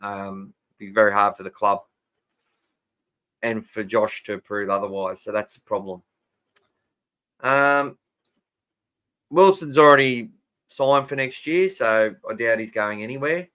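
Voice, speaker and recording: A man's voice: fairly low pitch, measured pace, pauses often, a bit bright. An Australian man hosting a casual fan podcast, chatting and answering listener comments. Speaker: podcast host.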